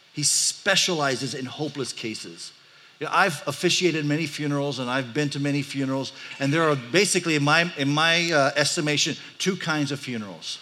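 A man's voice: medium pitch, pushed and bright. A man preaching a sermon in an earnest voice that swells and drops with emotion, often restarting his phrases. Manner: earnest, rising and falling with emotion, frequent restarts. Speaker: pastor.

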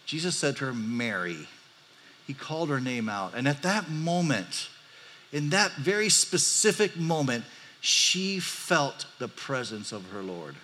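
A man's voice: on the high side, big pitch swings, measured pace, pushed and bright. A man preaching a sermon in an earnest voice that swells and drops with emotion, often restarting his phrases. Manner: earnest, rising and falling with emotion, frequent restarts. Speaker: pastor.

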